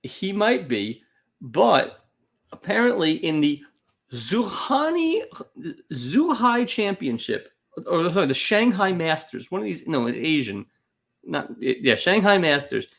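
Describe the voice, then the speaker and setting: A man co-hosting a casual comedy podcast, telling stories with loud, exasperated bursts. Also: fairly high pitch, takes it slowly, creaky. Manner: animated storytelling, swings into loud exasperated bursts. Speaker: podcast co-host.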